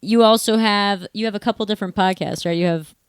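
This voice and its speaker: A woman co-hosting a podcast, agreeable and quick with a yeah while she leads the interview. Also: mid-range voice, fairly even intonation, clean tone, no room sound. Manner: agreeable, many quick yeahs. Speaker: podcast co-host.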